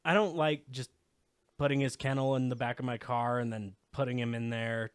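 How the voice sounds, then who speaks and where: A man's voice: mid-range voice, fairly even intonation, moderate pace, smooth, dry recording. A man co-hosting a podcast, telling rambling stories in casual chat with frequent swearing. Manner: rambling, profane storytelling. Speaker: podcast co-host.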